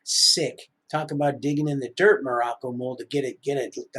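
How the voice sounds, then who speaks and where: A man's voice: medium pitch, normal speed, few pauses, fairly bright tone, slightly rough. A middle-aged man rambling through a live-stream monologue, often wandering off topic. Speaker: livestreamer.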